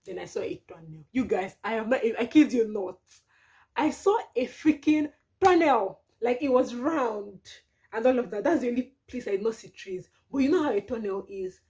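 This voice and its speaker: Nigerian girl doing a storytime vlog, warm mellow voice, super animated and dramatic. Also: on the high side, normal speed. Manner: animated, dramatic retelling with exclamations. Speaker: vlogger.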